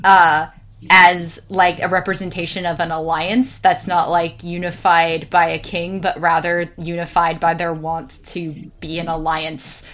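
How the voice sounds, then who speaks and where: A woman's voice: fairly low pitch, measured pace. Rambling young woman chatting casually. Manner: rambling, filler-heavy, swears freely, animated storyteller. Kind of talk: casual chat.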